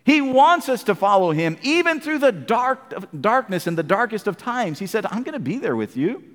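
Animated preacher man in a reverberant hall. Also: moderate pace. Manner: animated, swings from booming to hushed. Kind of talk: sermon.

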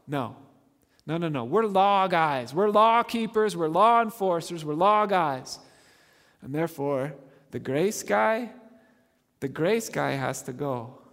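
A preacher mocking indignant self-righteous law keepers. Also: male voice, on the high side, lively intonation, takes it slowly, fairly bright tone, big-room sound, full character voice. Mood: indignant scoffing.

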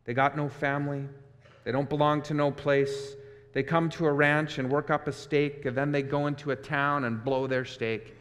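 A preacher reading aloud as a tired, patient ranch worker who speaks deep and measured, as though repeating words said many times. A long reverb trails behind him in a large space. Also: male voice, flat delivery, a bit bright, lightly acted. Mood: weary, rhythmic. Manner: deeper, rhythmic retelling.

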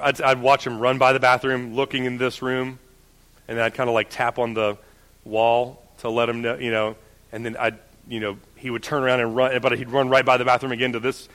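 A young man preaching a sermon, moving from a personal story told in a quiet conversational voice to forceful preaching. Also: medium pitch. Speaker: pastor. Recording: church hall reverb.

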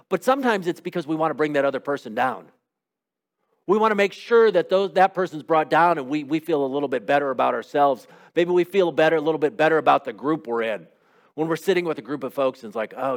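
A middle-aged man preaching a sermon in a conversational way, asking rhetorical questions and acting out little quotes. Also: on the high side. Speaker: pastor.

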